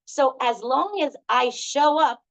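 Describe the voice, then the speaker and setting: A woman's voice: sits high, slow pace, gravelly, a bit bright. Upbeat woman leading an improv workshop. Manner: upbeat, chatty, encouraging. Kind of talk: lively talk to a group. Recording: dull lo-fi recording.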